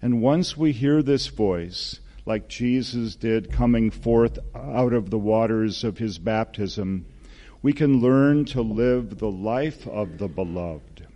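A man in his sixties, a pastor preaching a gentle, earnest sermon. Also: lowish voice, lively intonation, dull audio. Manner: slow, gentle, earnest preaching with soft spoken quotes.

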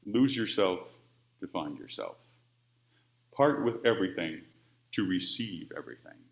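A low-voiced man delivers a sermon with lively, sweeping rises and falls in pitch and volume. He is heard in a roomy, echoing space, and the audio is dull and muffled. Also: measured pace, vocal fry. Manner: expressive, with wide swings of pitch and volume. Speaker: preacher.

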